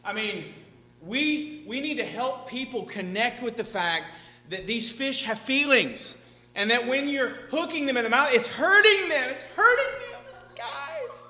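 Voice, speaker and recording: A man's voice: extremely high pitch, big pitch swings, measured pace, pushed and bright, roomy sound, long reverb tail, voice pushed up, exaggerated voice. A man putting on the voice of an overwrought animal-rights activist, whiny and exaggerated. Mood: pleading.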